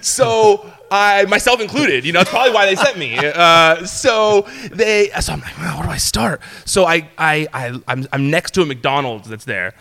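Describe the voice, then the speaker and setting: A young man, a former entertainment reporter, telling a story in casual chat, full of fillers and restarts, acting out quotes in a higher voice. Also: normal speed, hardly any pauses, pushed and bright.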